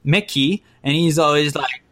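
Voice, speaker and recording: A man co-hosting a casual chat about movies, ranting bluntly and breaking into quick mimicked voices. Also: on the high side, a loud crowd.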